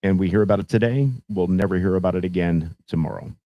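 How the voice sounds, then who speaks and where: A man's voice: deep voice, quick pace, dry recording, muffled recording. Ranting, profane male show host. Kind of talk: ranting political commentary.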